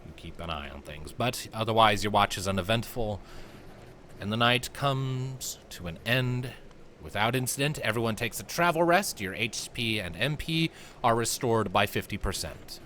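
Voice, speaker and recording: Male game master, easygoing narration, bright tone with a wide, animated pitch. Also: moderate pace, a little hiss or hum. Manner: relaxed, descriptive, laughs easily.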